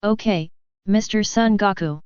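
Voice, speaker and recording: A woman's voice: medium pitch, measured pace, a little mellow, smooth, dry recording, lightly acted. A woman's synthetic voice voicing a polite, easily surprised young male fighter in a storybook reading. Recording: slightly muffled dry read.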